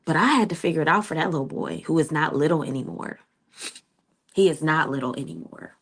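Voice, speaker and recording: A woman's voice: sits low, animated, brisk. A middle-aged woman hosting a casual livestream, chatting with her viewers and calling them "child" and "honey". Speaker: livestream host.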